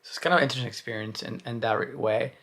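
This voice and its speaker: A man's voice: medium pitch, rapid-fire, gravelly, a bit bright. A man giving a casual spoken book review, hesitant and rambling, with frequent restarts and fillers.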